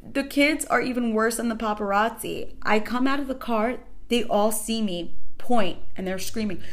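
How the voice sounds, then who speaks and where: A woman hosting a podcast, telling stories in a casual comedic way, animated and sarcastic, exaggerating for effect. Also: medium pitch, unhurried. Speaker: podcast host.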